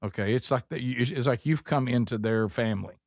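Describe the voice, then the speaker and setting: A man's voice: medium pitch, a little fast, darkish tone, no echo, studio quality. A man hosting a talk show, reading a sponsor spot and telling stories in a rambling way, often restarting and repeating words. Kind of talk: casual chat and live ad read.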